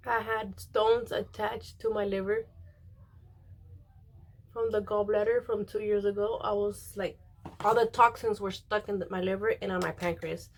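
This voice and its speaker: A woman's voice: mid-range voice, expressive, normal speed, gravelly. A young woman vlogger talking casually as she does her makeup, rambling with lots of fillers and retelling what others said. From Mexican. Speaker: beauty vlogger. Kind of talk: casual chat while doing makeup.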